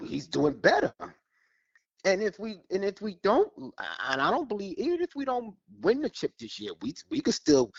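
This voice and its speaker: A man's voice: high-pitched, huge pitch swings, normal speed, vocal fry, husky, no room sound. A man calling into a sports show by phone, heated and emphatic, repeating his points. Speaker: caller. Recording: dull phone line.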